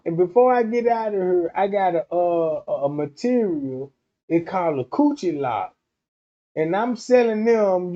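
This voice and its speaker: A man hosting a livestream, ranting crudely and loudly for laughs. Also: sits high, dull audio. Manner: loud, animated, profane, often laughing. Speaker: livestream host. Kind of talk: crude comedic rant.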